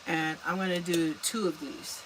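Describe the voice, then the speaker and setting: A woman's voice: on the low side, fairly even intonation, moderate pace. A woman chatting casually to her viewers while making a drink in her home kitchen, a little out of breath. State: slightly out of breath. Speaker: vlogger. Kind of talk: casual livestream chat. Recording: noticeable background noise.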